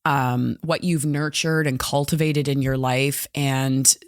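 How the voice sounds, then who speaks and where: Measured female podcast co-host. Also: a bass voice, steady tone, no echo, studio quality. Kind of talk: casual podcast chat.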